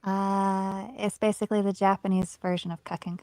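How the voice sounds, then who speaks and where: Female co-host, teasing, quick bursty talk, dry close sound. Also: mid-range voice, flat delivery, mellow, no room sound. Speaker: livestream co-host. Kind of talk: casual livestream chat.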